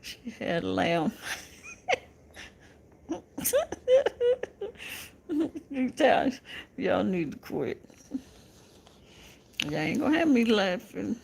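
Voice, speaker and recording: A woman's voice: mid-range voice, sing-song, takes it slowly, vocal fry, long pauses, darkish tone, husky. A Southern American woman hosting a casual livestream, laughing often and teasing her viewers as she reads their comments. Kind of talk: casual live chat.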